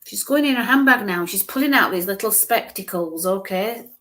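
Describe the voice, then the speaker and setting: A chatty woman gives a live-streamed psychic reading in a mid-pitched voice. She describes things in detail and keeps checking in with her listeners. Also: expressive, normal speed, a bit bright. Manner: chatty, describes what she sees, often checks in with "okay?". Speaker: medium giving live readings.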